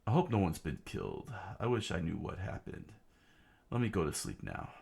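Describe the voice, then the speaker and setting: A man voicing a wounded, worn-out young swordsman musing to himself in a low, tired way while reading a comic aloud. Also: wildly swooping pitch, moderate pace, vocal fry, darkish tone, full character voice. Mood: weary.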